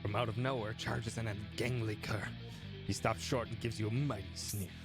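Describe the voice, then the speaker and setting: A man's voice: lowish voice, fairly even intonation, normal speed. A man streaming a game, chatting casually and reading its text aloud. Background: game music.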